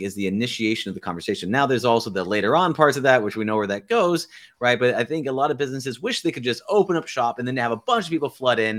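A man's voice: medium pitch, fairly bright tone. A man hosting a podcast interview, thinking aloud with restarts as he sets up his questions. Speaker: podcast host. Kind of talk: conversational interview.

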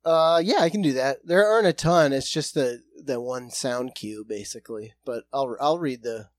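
A man co-hosting a comedy podcast, chatting casually and reading sketch lines, playful and quick to laugh. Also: dry recording. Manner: playful, laughs often, bursts into high excited bits. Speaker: podcast co-host.

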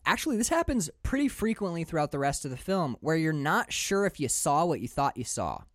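A man co-hosting a podcast, chatting casually about a film, animated and laughing often as he acts out scenes. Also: on the high side, a little fast, no room sound, clean studio sound. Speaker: podcast co-host.

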